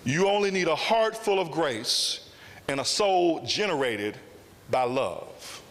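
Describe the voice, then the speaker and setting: A man's voice: fairly high pitch, expressive, slow pace, fairly bright tone, slight background noise. A man telling a story in a public speech at a summit, with emphatic repetition. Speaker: summit speaker. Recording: long hall reverb.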